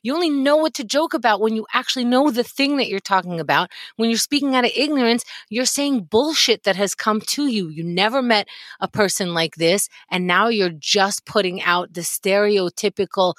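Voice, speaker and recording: Female co-host, emphatic, middle pitch, dry close sound, casual chat. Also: no echo. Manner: emphatic, fast-arguing, sometimes rapid. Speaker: podcast co-host.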